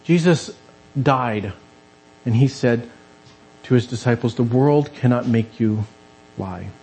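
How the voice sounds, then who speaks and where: A man's voice: mid-range voice, slow pace, a little mellow, poor audio. A man preaching a conversational sermon in a church, acting out the quoted voices as he goes.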